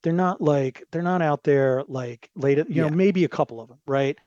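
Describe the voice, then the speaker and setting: A man's voice: fairly high pitch, moderate pace, dark tone, no echo. A man talking as a podcast guest in a rambling, digressive casual chat, with frequent asides, on a dull lo-fi recording.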